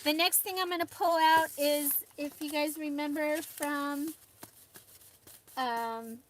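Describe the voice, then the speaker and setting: Her high-pitched voice holds a steady tone and moves slowly, with a slight hiss or hum in the audio. She's a livestream host at her craft desk, casually chatting with viewers, greeting each by name, and laughing frequently.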